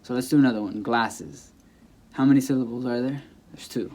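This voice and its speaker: Teaching Spanish in a relaxed lesson, a young man says example words again with the stress moved and fixes his own mistakes as he goes. His mid-range voice is brisk and a little mellow, picked up by a camera mic with no clip mic.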